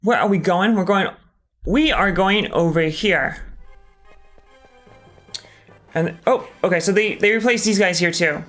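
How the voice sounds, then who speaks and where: Speaking at a moderate pace in a high-pitched, slightly bright voice, a game streamer narrates his play live as faint music plays. His delivery is relaxed and frank, full of hesitant ums and regular swearing.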